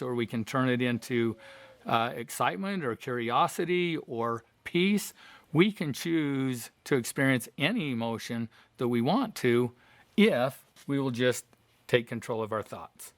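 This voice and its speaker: A man's voice: mid-range voice, lively intonation, measured pace, dry recording. Earnest man giving a dry motivational talk. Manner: earnest, explains with personal examples and questions to viewers. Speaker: life coach.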